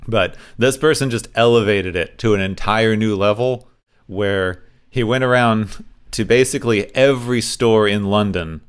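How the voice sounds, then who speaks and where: A man co-hosts a casual podcast, sharing bits of trivia in an easygoing way. His voice sits on the low side. It sounds smooth and clear. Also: normal speed. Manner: relaxed, recounts trivia with fillers. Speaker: podcast co-host.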